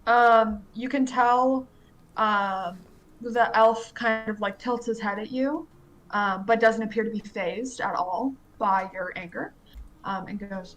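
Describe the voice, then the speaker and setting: A woman's voice: fairly high pitch, slow pace, fairly bright tone, a little hiss or hum, low-quality recording. A woman running a tabletop game as game master, describing scenes casually with many fillers.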